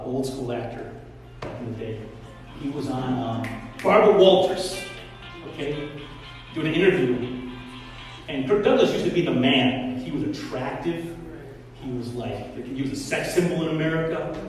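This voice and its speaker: A man's voice: mid-range voice, measured pace, long pauses, soft background music. A man preaching a sermon as pastor, in a casual, joking, storytelling way. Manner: conversational, joking, animated storytelling. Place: church hall. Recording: echoey hall, mic far off.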